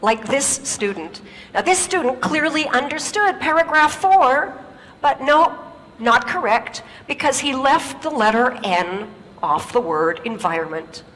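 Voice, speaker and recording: A woman and native English speaker giving a lively, humorous talk on stage, often turning to the audience with questions. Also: high voice, unhurried, long reverb tail. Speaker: conference speaker. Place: large auditorium.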